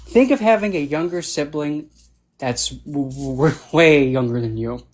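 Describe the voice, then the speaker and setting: A man's voice: a little high, a little slow. A man on a video call, a panelist telling playful, jokey stories and acting out the voices. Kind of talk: casual panel talk.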